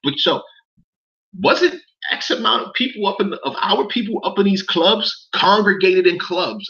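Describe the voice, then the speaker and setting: Heated, animated man on a livestream. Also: high voice, normal speed, muffled recording. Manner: heated, profane, repeats phrases, talks to chat. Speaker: livestream commentator. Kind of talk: casual livestream rant.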